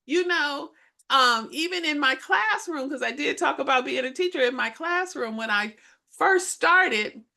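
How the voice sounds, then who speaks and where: Woman, middle-aged, bright forceful voice, animated storyteller, casual co-host chat. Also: high voice, unhurried, creaky. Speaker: co-host and minister.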